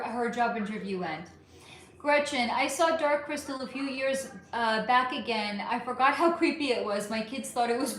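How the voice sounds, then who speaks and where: A middle-aged woman with a high-pitched, fairly bright voice hosts a casual livestream in a reverberant space. She reads viewer comments aloud, chatty and affectionate, calling people honey and swearing freely.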